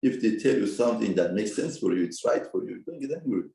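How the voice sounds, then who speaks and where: A man's voice: on the low side, fairly quick, creaky, few pauses. A man with a Persian accent, a native Persian speaker, giving a short ethics lesson and acting out the quotes he tells. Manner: animated, acts out quotes, mixes Hebrew terms into English. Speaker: rabbi teaching a class. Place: study hall. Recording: echoey room.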